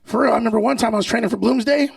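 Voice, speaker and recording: A brash male stand-up comic working a live stage, loud and profane, often laughing at his own material. His voice sits very high with a gravelly edge. He sounds set back from the mic. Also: rapid-fire, distant mic, background noise. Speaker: stand-up comedian. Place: comedy stage before a live audience.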